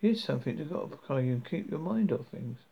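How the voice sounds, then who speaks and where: A man voicing a patient, level-headed young woman in a story reading, coaxing gently. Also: fairly high pitch, animated, fast, vocal fry, slightly rough, heavily acted. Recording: dull lo-fi recording.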